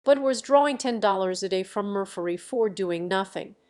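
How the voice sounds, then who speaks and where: A woman narrating an audiobook of a science fiction novel in an even, measured way. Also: medium pitch. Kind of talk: scripted narration.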